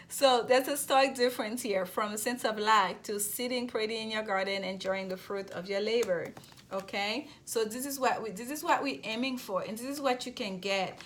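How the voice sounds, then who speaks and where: A woman's voice: fairly high pitch, fairly bright tone. A woman with a noticeable accent giving an intuitive tarot reading to camera. She talks reassuringly, often restarts her phrases and checks in with her listeners. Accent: non-native accent. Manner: repetitive, reassuring, frequent restarts and check-in questions. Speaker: tarot reader.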